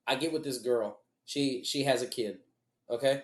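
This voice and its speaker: Profane, animated male podcast storyteller. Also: mid-range voice, moderate pace, echoey room. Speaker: podcast co-host. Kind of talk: casual storytelling chat.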